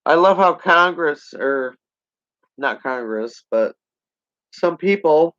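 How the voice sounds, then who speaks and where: Man, vlogger ranting to camera: slow, sarcastic, heated, dry dull sound. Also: a little high, animated, a bit bright, no room sound. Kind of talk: political rant to camera.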